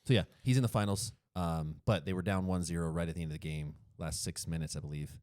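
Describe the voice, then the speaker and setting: A man's voice: deep voice, fast, a little mellow, no echo, studio quality. A man with a Colorado accent, co-hosting a podcast in casual chat, rambling and correcting himself as he goes. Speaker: podcast co-host.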